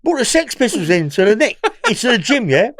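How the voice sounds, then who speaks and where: The recording is dry, and the older London-accented man speaks briskly in a high-pitched voice. Appearing as a guest in a laid-back podcast interview, this Englishman spins rambling, excitable stories packed with fillers and frequent swearing.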